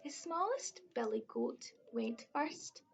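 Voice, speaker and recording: A woman with a Scottish accent reading a children's story aloud, expressive, slow and clear. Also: fairly high pitch. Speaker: early years storyteller. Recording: dull lo-fi recording.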